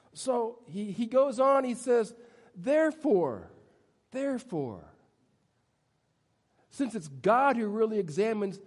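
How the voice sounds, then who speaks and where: Male pastor, playful storytelling preacher, higher-pitched voice, long reverb from the room. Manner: humorous storytelling, self-deprecating. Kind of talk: sermon. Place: church sanctuary.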